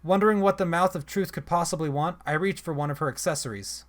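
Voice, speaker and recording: Man narrating a text game, somewhat high voice, casual reading, chatty asides, self-corrections. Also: fast. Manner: chatty, self-correcting, reads aloud then comments. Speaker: let's play host reading a text adventure.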